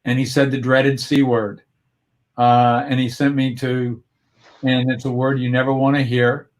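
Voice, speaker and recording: Male interview guest, mid-pitched voice, reflective and earnest, over a video call. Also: flat delivery, measured pace. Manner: earnest and reflective, with frequent restarts.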